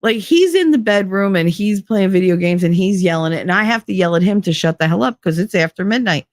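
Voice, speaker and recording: A middle-aged woman chats casually to her viewers, her speech blunt and laced with profanity. She tells family stories with animated energy. Her voice sits at an ordinary pitch and is recorded close and dry, with no room sound. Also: a little fast, no echo. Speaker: vlogger. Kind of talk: casual chat.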